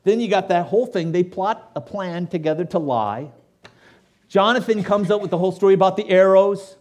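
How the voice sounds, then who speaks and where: A man preaching a sermon as pastor, reading scripture aloud and breaking off for lively asides to his congregation. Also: sits high, brisk.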